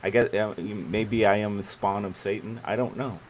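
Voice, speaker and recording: A man hosting a casual online panel show, excitable, laughing often and swearing casually as he scores pitches. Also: moderate pace, a little hiss or hum. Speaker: podcast host running a pitch panel.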